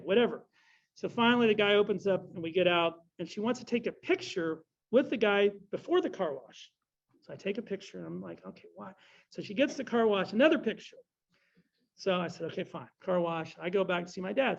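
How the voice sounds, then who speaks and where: Middle-aged male speaker, rambling storyteller, gravelly, slightly muffled recording. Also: sits high, animated, brisk. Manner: rambling storyteller, self-correcting. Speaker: guest speaker. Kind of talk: anecdotal talk with Q&A. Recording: dull lo-fi recording.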